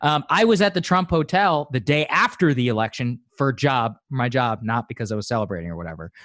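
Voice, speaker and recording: A man's voice: mid-range voice, brisk, no echo. Guy ranting about politics, blunt and emphatic, dry close sound. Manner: emphatic, blunt, gets animated. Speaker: political commentator guest. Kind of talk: casual political discussion.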